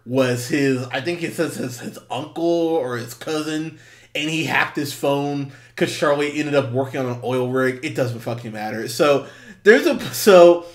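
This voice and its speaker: Co-hosting a movie podcast, a male film reviewer talks in casual, exasperated chat with heavy swearing and frequent restarts. He puts on high, mocking voices to act out quotes.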